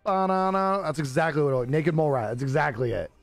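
A man's voice: mid-range voice, very fast, creaky, dry recording. Young guy streamer, loose and jokey, lots of cursing, dry close mic. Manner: laid-back, joking, swears a lot, laughs often. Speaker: live streamer. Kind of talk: casual live-stream chat reading viewer comments. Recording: dry close-mic with faint music behind.

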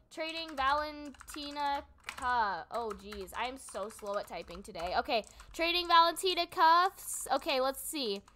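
A woman's voice: high voice, bright, forceful tone, clear, resonant tone. A young woman casually commenting on her gameplay, chatty and giggly, thinking aloud as she goes. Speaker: gaming channel host.

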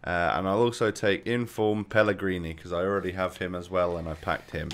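A man hosting a casual gaming video, playful and quick to laugh as he chats with his guest. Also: deep voice, fairly even intonation, fairly bright tone, a little hiss or hum. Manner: playful, laughs often, brisk. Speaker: host.

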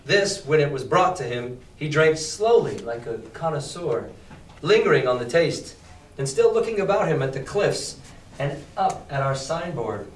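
A male teacher with a slightly high, animated voice reads a novel aloud to his class at normal speed. He stops to explain it, retelling the story in casual, chatty slang. The mic is far off, so the classroom sounds roomy and distant.

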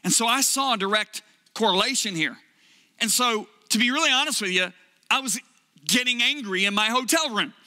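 A man preaching a sermon, telling a personal story in an earnest, emphatic way with drawn-out pauses. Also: very high voice, bright, forceful tone.

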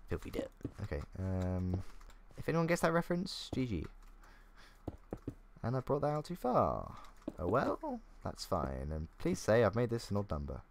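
A man's voice: fairly low pitch, wildly swooping pitch, moderate pace, gravelly, slight background noise. A young man chatting casually as he talks through a game, thinking aloud and poking fun at himself. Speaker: gaming YouTuber. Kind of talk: casual gameplay commentary. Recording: faint keyboard clicks.

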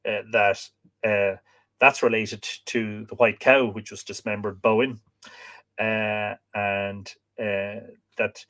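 A man's voice: lowish voice, flat delivery, slow pace, pushed and bright. A man hosting a live show. He reads a folklore book aloud and breaks off to chat casually with viewer comments, often hesitating with 'uh'. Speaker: podcast host.

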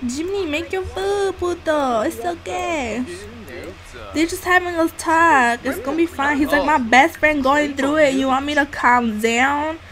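A woman with a high voice narrates her life-sim gameplay in excitable, profanity-laced commentary. Babbling game-character voices keep chattering under her the whole time. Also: unhurried, crowd noise. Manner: excitable, swears freely, narrates reactions. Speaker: gaming channel host. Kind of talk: let's-play commentary.

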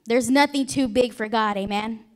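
A woman's voice: fairly high pitch, normal speed. A woman pastor preaching a Sunday sermon in a chatty way, asking the congregation questions and joking aside. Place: church sanctuary.

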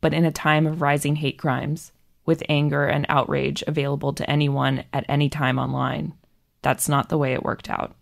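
A woman calmly narrating a scripted piece of narrative journalism. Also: sits low, moderate pace, vocal fry.

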